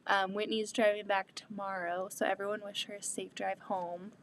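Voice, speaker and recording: A woman in her thirties chatting casually while sewing, rambling about her kids and often quoting people in an excited voice. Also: medium pitch, normal speed, slight background noise. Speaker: quilting vlogger and mother. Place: home sewing room.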